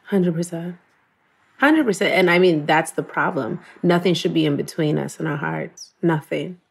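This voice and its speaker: A woman's voice: deep voice, fairly even intonation, normal speed, vocal fry, slightly rough. A woman telling an emotional personal story in an earnest, conversational way, full of "like" and quoting her own thoughts. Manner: earnest, emotional, fillers of "like", quotes herself.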